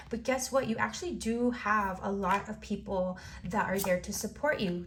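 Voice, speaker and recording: A woman's voice: medium pitch, steady tone, moderate pace, hardly any pauses, slight background noise. A woman giving a tarot reading to the viewer, encouraging and rambling, often repeating phrases. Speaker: tarot reader.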